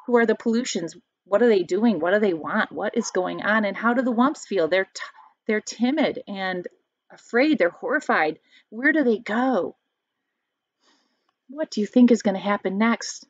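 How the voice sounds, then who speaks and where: A woman's voice: mid-range voice, expressive, moderate pace, no room sound. A woman teacher reads a picture book aloud to children, stopping to explain words and ask them questions. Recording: dry, muffled home recording.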